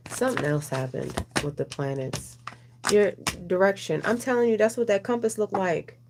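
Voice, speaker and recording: A woman's voice: medium pitch, normal speed, noisy background. A woman doing a casual, rambling oracle card reading, chatting with her viewers as she goes. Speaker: tarot reader.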